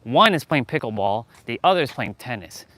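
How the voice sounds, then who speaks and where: A man chats on a livestream as he strolls outside, speaking from a handheld phone. His voice sits at an ordinary middle pitch, and he rambles from thought to thought, reacting to his viewers as he goes. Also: very animated, a little fast, fairly bright tone, no room sound. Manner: rambling, musing aloud, answering chat. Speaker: fitness livestream host. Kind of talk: casual live-stream chat while walking. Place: outdoors, walking past courts and a pool.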